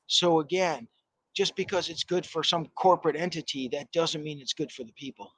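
A man on a discussion panel, arguing his case point by point in a somewhat high voice. The recording is dry and close. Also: moderate pace, a bit bright, breathy edge, dry recording, poor audio. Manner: argumentative, builds a point step by step.

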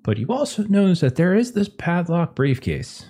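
A man narrating as game master of a tabletop horror game, describing scenes and calling for rolls in a relaxed way. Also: sits high, moderate pace, husky.

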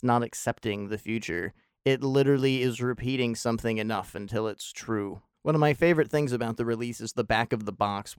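A man's voice: medium pitch, clean tone. A man hosting a podcast, giving an opinionated, rambling solo film review with wry asides.

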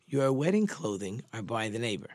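A man's voice: on the low side, very animated, moderate pace, a little mellow, no echo, pitched below the performer's own voice. A man voicing an exasperated husband urging his grieving wife to go out, within a spoken story. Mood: pleading. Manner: urgent, pleading.

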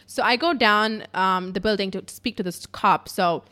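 A woman podcaster tells a personal story straight to her audience. Her delivery is raw and emotional, peppered with swearing and constant "like" fillers, at an ordinary middle pitch. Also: moderate pace, bright, forceful tone. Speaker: podcaster and YouTuber.

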